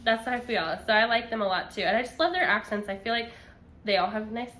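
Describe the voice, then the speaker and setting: A woman's voice: fairly high pitch, expressive, fast, pushed and bright, a little hiss or hum. Chatty young woman in an echoey room. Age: young adult. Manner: chatty, rambling, laughs often. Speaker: podcast co-host. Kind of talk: casual chat about knitting podcasts.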